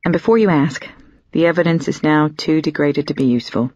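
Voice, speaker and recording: A woman giving first-person audiobook narration in a weary, quiet manner. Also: low-pitched, a little fast, slightly rough, dry recording. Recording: dull, dry studio recording.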